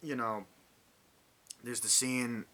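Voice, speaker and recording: Give me a young man in his twenties with a tense, bright voice, rambling casually through a film review and swearing constantly. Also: mid-range voice, fairly even intonation, takes it slowly. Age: 20s. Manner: profane, rambling, acts out lines from the film. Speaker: movie reviewer.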